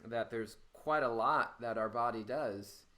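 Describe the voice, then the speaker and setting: A man leading a guided voice warmup as a voice teacher, talking in a slow, calm way. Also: medium pitch. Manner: slow, calm guiding, with loud called-out "hey"s. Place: home room during the pandemic. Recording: echoey room, mic at a distance.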